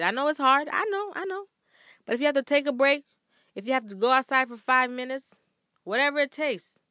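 A woman vlogger talks candidly to camera from a room at home, sharing tips on faith in the workplace in an earnest, emphatic way. Her voice is fairly high, pushed and bright, and the studio-quality sound has no echo.

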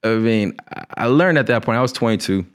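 A man casually telling a funny personal story, profane and animated with laughing asides. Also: medium pitch, fast talker.

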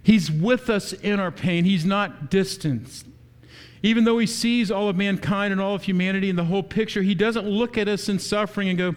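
A man preaching a sermon as pastor, animated, asking the congregation rhetorical questions. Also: high voice, moderate pace, clear, resonant tone.

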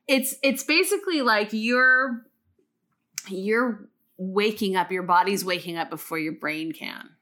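A woman in casual chat, telling an animated story with lots of swearing and fillers. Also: mid-range voice, a little slow.

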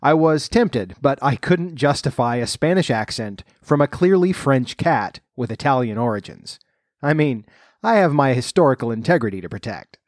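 A man reading a fairy tale aloud in measured narration, then adding wry comments of his own. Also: mid-range voice, lively intonation, no echo, clean studio sound. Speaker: storyteller.

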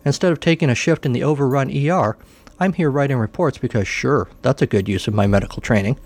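A man's voice: mid-range voice, fast, darkish tone, close to an everyday voice. A man voicing a weary, sarcastic female hospital doctor who sounds exasperated.

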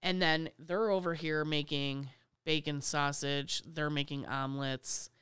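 A woman co-hosting a casual podcast, telling animated stories, acting out the people in them and laughing often. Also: low voice, measured pace, clean tone, dry recording, clean studio sound. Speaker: podcast co-host. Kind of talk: casual chat.

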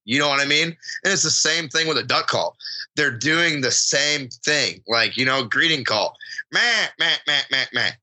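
A man talks in a loose, rambling way on a hunting podcast, acting out little quotes as he goes. His voice is very bright and forceful, at an ordinary middle pitch. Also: normal speed, rough recording. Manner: rambling, animated, acts out quotes. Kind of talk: casual chat about duck calling.

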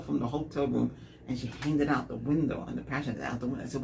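A man rambling through his own dating stories in a casual monologue, repeating words and getting animated when he quotes people. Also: mid-range voice, fast, gravelly, a little hiss or hum. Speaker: dating vlogger.

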